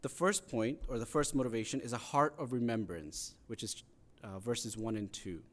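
A man preaching a sermon, talking it through in an earnest, conversational way. His pitch sits in a middle range. He leans in harder when he drives a point home. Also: normal speed, a bit bright. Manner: earnest, conversational teaching with rising emphasis on pleas.

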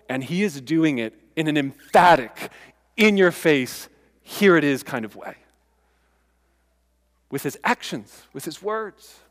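Pastor, man, slightly high voice, conversational emphatic sermon, long hall reverb. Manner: conversational, emphatic preaching with asides.

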